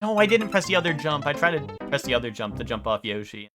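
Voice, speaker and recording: A man streaming a video game, chatting casually and rambling with chat, swearing and often jumping up in pitch when excited. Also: quick pace, over music.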